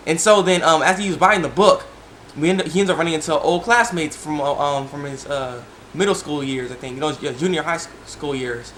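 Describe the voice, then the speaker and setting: Excitable young man rambling about an anime. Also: on the high side, brisk, slight background noise. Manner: excitable, laughing, lots of fillers and restarts. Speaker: anime reviewer. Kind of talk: casual video review.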